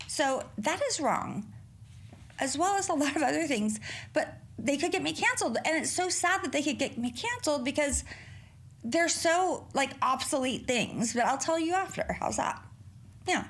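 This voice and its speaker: Lively, foul-mouthed middle-aged woman host. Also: sits high, normal speed, a little hiss or hum. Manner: profane, rambling and animated. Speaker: podcast host. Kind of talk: casual solo podcast chat.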